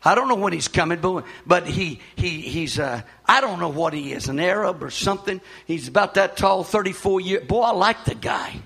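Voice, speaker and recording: A man, preaching a sermon as pastor in a folksy way, often shouting and repeating himself. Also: sits high, moderate pace, gravelly, hardly any pauses, breathy edge.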